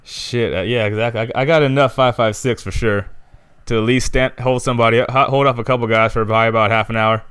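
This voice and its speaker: A man's voice: mid-range voice, steady tone, fast, fairly bright tone, clear, resonant tone, dry recording. A man hosting a podcast, ranting casually with heavy profanity and heated complaints. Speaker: podcast host. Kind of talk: casual monologue rant.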